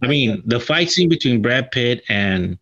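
A man's voice: mid-range voice, animated, unhurried, a bit bright. A man co-hosting a casual movie review podcast, laid-back, swearing and laughing as he retells scenes. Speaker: podcast co-host. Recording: slightly dull lo-fi sound.

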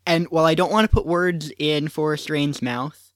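A man's voice: fairly high pitch, fairly even intonation, moderate pace, no echo, clean studio sound. A young man co-hosting a podcast, talking casually with hesitant, apologetic restarts. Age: young adult. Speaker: podcast co-host.

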